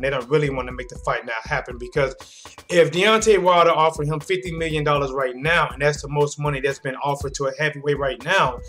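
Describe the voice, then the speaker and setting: A man hosting a live sports reaction stream, talking emphatically and directly to his viewers. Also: on the high side. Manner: animated, emphatic, talks straight to viewers. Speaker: sports commentary host.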